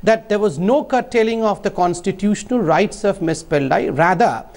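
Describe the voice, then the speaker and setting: A man's voice: high voice, normal speed, darkish tone. A man, a party spokesperson arguing emphatically in a TV debate, rebutting point by point. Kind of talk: debate argument.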